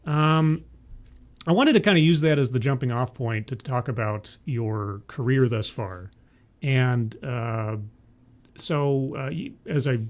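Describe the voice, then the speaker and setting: A man with a medium-pitched voice hosts a live-streamed interview show. He sounds chatty and energetic, often correcting himself mid-sentence.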